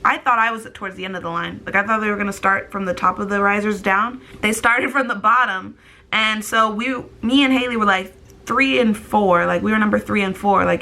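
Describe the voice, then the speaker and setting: A woman's voice: medium pitch, bright, forceful tone. A young woman in her twenties telling a casual story to camera, rambling with lots of fillers and close to crying. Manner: filler-heavy, rambling, tearful. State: on the verge of tears. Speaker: vlogger.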